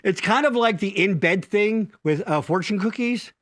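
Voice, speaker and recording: A man's voice: high-pitched, normal speed, fairly bright tone, no echo. A man co-hosting a live stream from his basement studio, rambling through crude jokes and mock-pleading bits. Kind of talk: crude comedic banter.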